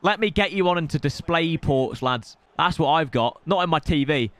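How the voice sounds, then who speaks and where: A young man giving excitable gameplay commentary as a streamer, trash-talking his opponent and shouting at big moments. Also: a little high, moderate pace, no echo.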